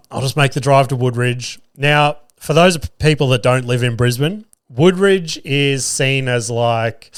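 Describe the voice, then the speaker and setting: A young adult man with an Australian accent, telling a story on his podcast. He acts out each exchange and swears freely, at an average pitch. The recording is dry and close. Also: no room sound. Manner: animated storyteller acting out dialogue, swearing freely. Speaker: podcast host. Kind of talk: casual storytelling.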